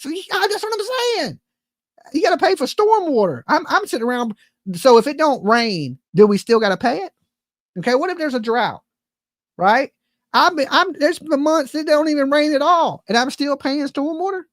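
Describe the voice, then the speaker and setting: Fed-up woman host, swearing and rambling, voice a bit high, jumps all over in pitch. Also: big pitch swings, normal speed, no room sound. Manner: profane, exasperated, rambling with restarts. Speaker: livestream host. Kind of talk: casual ranting chat. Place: home.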